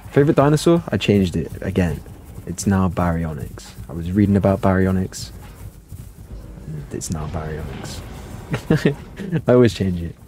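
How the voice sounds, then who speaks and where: A young man chats through a game livestream, playful and talkative as he answers chat. His voice sits a little low, with faint background music underneath. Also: animated, normal speed, pauses often, dark tone. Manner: playful, chatty, answers viewer chat aloud. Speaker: gaming livestreamer. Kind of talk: casual livestream commentary.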